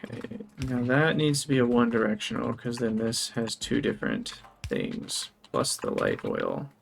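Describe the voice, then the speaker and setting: A man streaming a building game live, thinking aloud as he plans and brightening to greet viewers in chat. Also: mid-range voice, huge pitch swings, moderate pace, vocal fry, a little hiss or hum. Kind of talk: live gameplay commentary.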